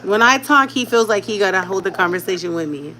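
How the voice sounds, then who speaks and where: A woman's voice: medium pitch, animated, fast, pushed and bright, slight background noise, low-quality recording. A woman at home talking in casual vlog chat while caring for a baby, slipping into doting baby talk as she coaxes an infant to speak. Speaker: vlogger.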